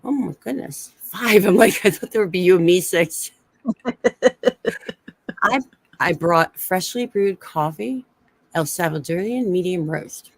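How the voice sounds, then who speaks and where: A woman's voice: on the low side, animated, measured pace, pauses often, dry recording. A woman with a slight lisp co-hosting a casual live stream from a rented room on her phone, chatting and laughing with viewers. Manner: giggly, chatty with chat readers. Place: Airbnb room.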